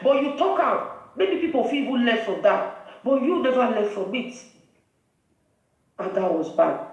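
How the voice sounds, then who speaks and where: A woman's voice: fairly high pitch, expressive, a little slow. A woman with a Nigerian accent, hosting a live video and scolding in a preachy, emphatic way. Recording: very echoey room, voice far from mic.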